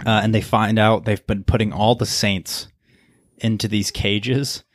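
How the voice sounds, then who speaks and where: A man's voice: lowish voice, steady tone, measured pace, no room sound, clean studio sound. A man co-hosting a casual book podcast, animatedly retelling scenes and acting out the characters' lines. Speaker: podcast co-host. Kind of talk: casual book-discussion chat.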